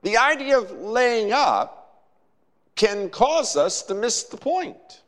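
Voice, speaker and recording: A man preaching a sermon in a measured, emphatic way, with dramatic pauses. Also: high voice, big pitch swings, a bit bright. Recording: long hall reverb.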